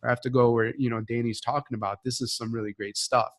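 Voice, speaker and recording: A man of middle pitch speaks with upbeat, motivational energy. He lays out advice in numbered points during a live Q&A. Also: flat delivery, fast talker. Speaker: cohost, mastermind leader. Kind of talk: live Q&A conversation.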